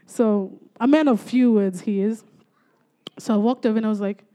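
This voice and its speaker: High-voiced woman. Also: fairly quick. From Torres Strait, Australia. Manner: lively storytelling with frequent praise interjections. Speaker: church speaker giving testimony. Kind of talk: church testimony.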